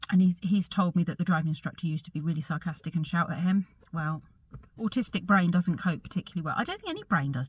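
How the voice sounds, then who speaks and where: A middle-aged woman vlogging in a chatty, rambling way, pausing to search for words and correcting herself as she talks. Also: lowish voice, husky, no room sound. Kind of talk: casual chat to camera.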